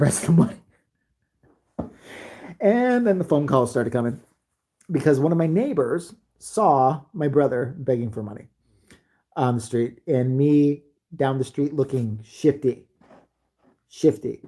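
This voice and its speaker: A man's voice: medium pitch, dark tone, slightly rough. A man casually telling stories from his childhood, swearing often and laughing. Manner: profane, laughing, loose. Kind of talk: casual storytelling.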